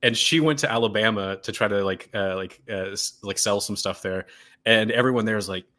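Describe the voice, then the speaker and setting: A man's voice: lowish voice, fairly quick, pushed and bright. A man chatting casually as a guest, telling an amused story. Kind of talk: casual chat.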